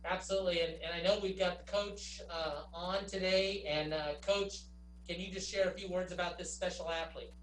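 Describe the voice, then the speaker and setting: A man's voice: sits high, steady tone, normal speed, fairly bright tone. Guy co-hosting, upbeat, passing it to the next person, echoey room and far mic, light hum. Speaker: district co-host. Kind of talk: ceremony presenting on a video call.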